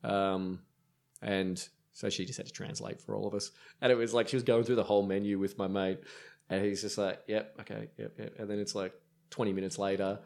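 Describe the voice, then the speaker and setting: A low-pitched man with an Australian accent tells travel stories as a guest on a casual podcast. His anecdotes wander, full of ums, restarts and little asides. He sounds relaxed and chatty. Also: a little fast, vocal fry. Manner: rambling, filler-heavy anecdotes. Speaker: brewer guest.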